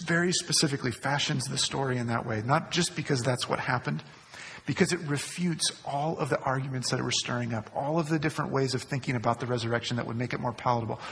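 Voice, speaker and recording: A man's voice: mid-range voice, fairly bright tone, slight background noise. A male pastor preaching a sermon, repeating key phrases for emphasis. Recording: long hall reverb.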